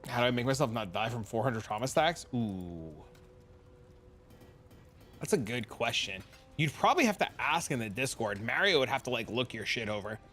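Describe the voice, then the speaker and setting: A young man with a New Jersey accent, a streamer telling a story to his chat in a casual, profane, animated way. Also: moderate pace, faint music behind. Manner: animated, profane, gets loud and high when retelling arguments.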